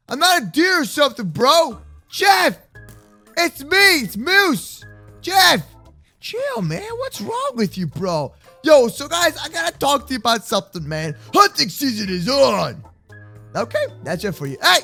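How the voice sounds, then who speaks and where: A man talking excitedly and loudly with lots of slang while roleplaying through a video game. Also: very high voice, normal speed, gravelly, soft background music. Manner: excitable, loud, slangy, often exclaiming. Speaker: YouTube gamer roleplaying in Minecraft. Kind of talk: energetic gaming roleplay chat.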